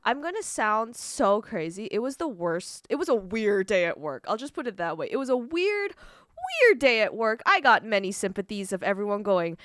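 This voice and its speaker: Bright, smooth-voiced young woman streamer. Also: medium pitch, big pitch swings, dry recording, studio quality. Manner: rambling, swearing, quick self-corrections. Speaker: livestreamer. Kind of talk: casual stream chat.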